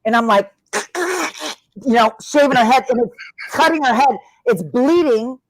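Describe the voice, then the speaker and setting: A middle-aged woman, a former wrestler, chats casually in an interview, talkative and expressive as she acts out the voices of people in her stories. Her voice is high and a little slow. The recording is dry.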